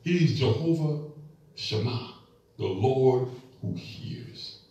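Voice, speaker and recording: In an echoey room with a distant mic, a middle-aged male pastor delivers his sermon very slowly, his mid-range voice mellow and expressive. He draws the congregation into call-and-response and slips in playful asides.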